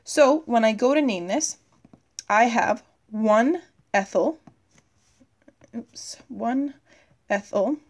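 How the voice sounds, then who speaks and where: An animated woman, her voice on the high side, teaches a recorded chemistry class. She talks through her thinking as she writes on the board, dropping "okay" and "uh" into the gaps.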